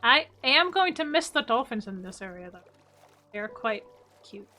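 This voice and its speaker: A woman streaming a game casually, giggling often, swearing freely and breaking into loud exclamations. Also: a little high, very animated, moderate pace, a little hiss or hum. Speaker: livestreamer.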